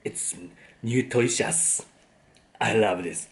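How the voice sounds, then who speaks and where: A man's voice: mid-range voice, very animated, takes it slowly. A man, hosting a food vlog and tasting his dinner with frequent appreciative hums. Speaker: food vlogger. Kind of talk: casual tasting commentary.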